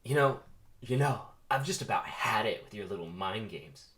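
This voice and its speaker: A man's voice: fairly low pitch, lively intonation, normal speed, fairly bright tone, echoey room, distant mic. A man reading the part of a jealous young boyfriend in a comedic script reading, sarcastic and passive-aggressive.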